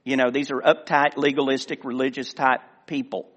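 A middle-aged man, a former pastor, preaching a sermon with earnest emphasis that swells and then drops to quiet asides. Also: mid-range voice, level tone, a little fast. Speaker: director of missions, former pastor. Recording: long hall reverb.

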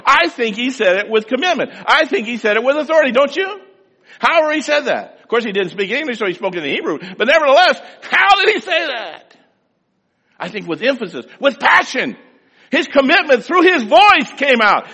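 Lively, high-pitched preaching man. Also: fairly quick, slightly rough, long reverb tail. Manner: animated storytelling that builds to fervent, loud exhortation. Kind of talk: sermon.

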